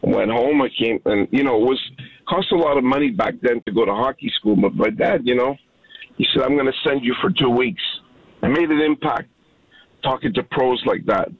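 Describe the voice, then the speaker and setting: A man's voice: medium pitch, brisk, slightly rough, dry recording. A man in his fifties calling in to a radio show, telling a heartfelt story with animation. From Canada. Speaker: caller. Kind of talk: phone-in storytelling. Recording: tinny phone line.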